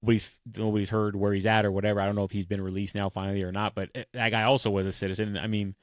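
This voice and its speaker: A man's voice: lowish voice, flat delivery, rapid-fire, dry recording. A man co-hosting a podcast, chatting casually and telling stories animatedly, acting out quoted lines and laughing often. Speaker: podcast co-host. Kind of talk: casual chat.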